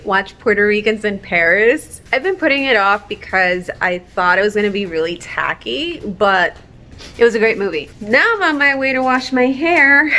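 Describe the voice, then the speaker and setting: A woman's voice: medium pitch, pushed and bright, poor audio. A woman in her thirties chatting in a casual home vlog from her kitchen, upbeat and laughing often. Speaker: vlogger.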